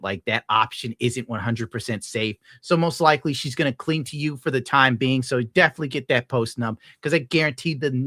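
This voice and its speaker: A man's voice: medium pitch, fairly bright tone, dry recording, clean studio sound. A man livestreaming, reading chat and ranting in a rambling, profane way with frequent laughs. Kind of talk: casual livestream rant.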